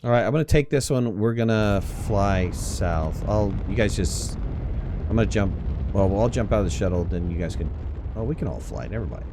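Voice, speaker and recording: Lively jokey male game streamer. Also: lowish voice, fairly quick, background noise. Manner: jokey, laughs often. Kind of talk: casual gaming chat.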